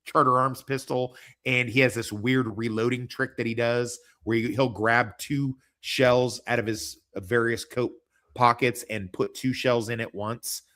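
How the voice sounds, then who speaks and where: A man's voice: mid-range voice, fairly even intonation, a little slow, a bit bright. A man hosting a casual livestream chat, rambling and joking with lots of swearing. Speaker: podcast host.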